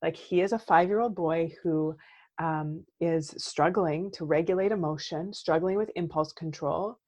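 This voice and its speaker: Warm-toned woman, animated, "right?"-heavy. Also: sits low, unhurried, highs cut off. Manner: animated, says "right?" often, acts out quoted outbursts. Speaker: therapist and coach guest. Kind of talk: casual podcast conversation.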